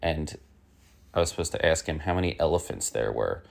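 A man's voice: rumbling low, expressive, brisk, creaky. A man hosting a one-man comic news show, rambling with lots of fillers and sliding into irritable rants. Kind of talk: casual rambling comic monologue.

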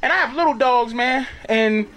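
A man doing a stand-up routine, ranting loudly and swearing, played from a live club recording. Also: very high-pitched, normal speed. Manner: loud, ranting, swearing delivery. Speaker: stand-up comedian. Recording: live club clip with loud crowd laughter and noise. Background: audience laughing.

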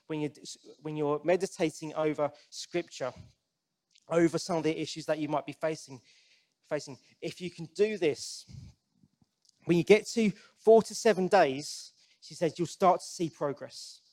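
Speaking at normal speed, a preacher with a fairly high, darkish voice delivers an earnest, conversational sermon. He frequently starts his sentences over and asks the congregation questions directly.

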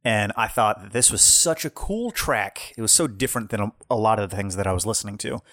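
Young male podcast co-host, chatty storyteller, lively pitch, dry close sound. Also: a little fast, dry recording. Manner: animated, rambling storyteller. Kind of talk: casual chat.

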